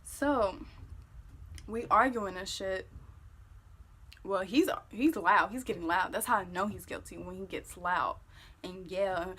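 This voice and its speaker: A young woman vlogger telling a story-time tale in casual, profane, animated talk that gets loud when she replays an argument. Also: mid-range voice, measured pace, long pauses, breathy edge.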